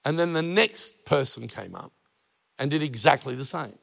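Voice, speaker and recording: Gravelly pastor preaching. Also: male voice, medium pitch, expressive, normal speed, a bit bright, big-room sound. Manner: conversational preaching with jokes and acted-out anecdotes. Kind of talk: sermon.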